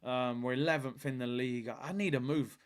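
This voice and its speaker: A man's voice: mid-range voice, fairly even intonation, a little fast, clean tone, natural voice. A man voicing a struggling young male footballer in a gloomy, self-pitying joke sketch, in his own plain voice. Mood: glum.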